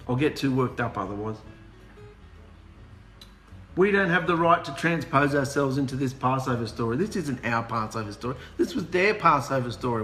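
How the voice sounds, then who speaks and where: A man preaching an animated, humorous sermon, sarcastic and worked up. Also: mid-range voice. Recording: echoey room with music behind.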